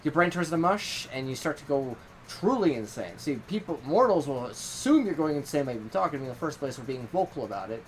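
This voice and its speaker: A man's voice: a little high, expressive, quick pace, a little hiss or hum, lightly acted. A man putting on snarky trickster god Loki. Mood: smug. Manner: snarky, casual. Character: snarky male trickster god, smug and offhand.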